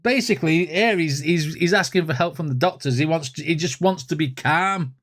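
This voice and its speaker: A music reaction channel host breaks down lyrics in casual commentary, chuckling and enthusiastic. His voice is a little high and a bit bright, and he speaks fairly quickly.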